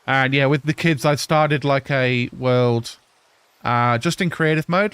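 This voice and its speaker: A man in his thirties from England with an English accent softened by Australian, chatting casually with viewers while playing a game live. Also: mid-range voice, a little slow, clear, resonant tone, no echo. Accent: English mixed with Australian. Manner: chatty, answers viewers, laughs often. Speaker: live streamer. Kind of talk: casual live-stream chat while gaming.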